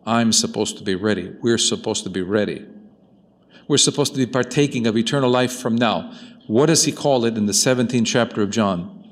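A man preaching a sermon as a priest, talking to his congregation in an animated way, moving from quiet, intimate asides to loud, emphatic peaks. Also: on the low side, brisk, in a large hall. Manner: animated, swings from soft to loud.

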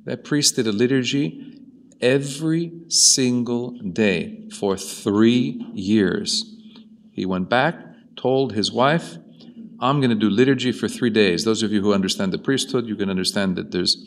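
Male preacher, lowish voice, animated storyteller, long church reverb. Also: a little slow. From Chicago. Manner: storytelling, animated, rhetorical questions. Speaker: priest. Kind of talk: sermon.

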